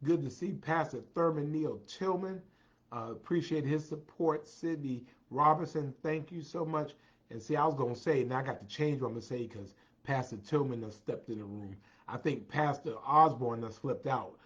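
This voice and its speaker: A tired man chats on a livestream at a mid pitch and thanks viewers one by one. He leans on repetition, circling back to the same few phrases. The audio is dull and lo-fi. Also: moderate pace, slightly rough. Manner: greets viewers by name, repeats phrases. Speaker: livestream host. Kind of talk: casual livestream chat.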